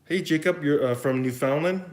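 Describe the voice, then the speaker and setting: A man's voice: a little high, moderate pace. Chatty West Coast Canadian man, echoey room. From Vancouver, Canada. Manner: rambling, chatty, thinks aloud. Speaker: YouTube host answering viewer questions. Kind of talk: casual livestream Q&A.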